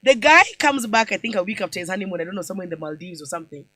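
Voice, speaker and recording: Woman radio host, chatty and animated, dry studio mic. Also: medium pitch, rapid-fire, no echo, low-quality recording. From Kenya. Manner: animated storyteller, mixing in Swahili and slang. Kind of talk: casual radio interview chat.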